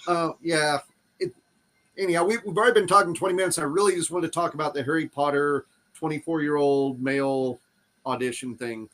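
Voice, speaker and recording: A man's voice: fairly high pitch, steady tone, fairly quick, fairly bright tone. A man hosting a podcast in casual chat, swearing freely, laughing and steering the topics. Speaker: podcast host.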